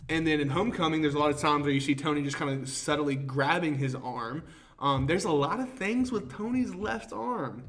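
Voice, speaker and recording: A young man in a fairly high voice co-hosts a podcast in easy, chatty fashion. He fires off quick questions and jokes as he talks. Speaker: podcast co-host. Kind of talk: casual chat.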